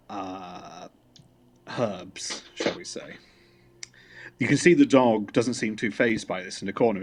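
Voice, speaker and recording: A man running a tabletop game as game master, describing scenes in an unhurried way. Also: on the low side, breathy edge.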